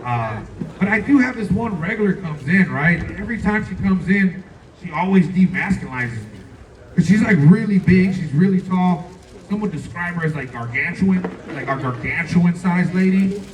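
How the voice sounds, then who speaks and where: A man's voice: high voice, animated, moderate pace. A young man doing a stand-up set, playful and loose, talking straight to the crowd. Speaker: stand-up comedian. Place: comedy club stage. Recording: roomy club, distant mic, faint crowd.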